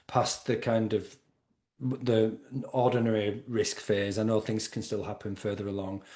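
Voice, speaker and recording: A man hosts a podcast interview with a very low voice and an even, level delivery. He speaks calmly and sums up his guest's story back to her. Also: moderate pace. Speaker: podcast host.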